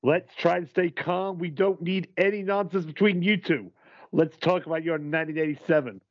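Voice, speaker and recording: A man's voice: on the high side, normal speed, no echo, muffled recording. A man doing an upbeat wrestling talk-show host. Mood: calming. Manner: announcer-style, hyping.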